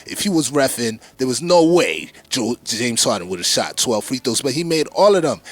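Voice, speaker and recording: On his fan podcast, a man with a fairly high voice gives animated, casual basketball commentary. He repeats phrases for emphasis and talks straight to his viewers.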